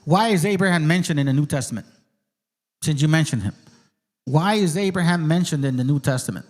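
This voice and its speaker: Brief: profane, swaggering male host, higher-pitched voice, arguing hard on a stream and reading text aloud. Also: fairly quick. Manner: claims he talks like this without getting mad. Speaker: channel host. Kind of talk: heated livestream argument, reading passages aloud.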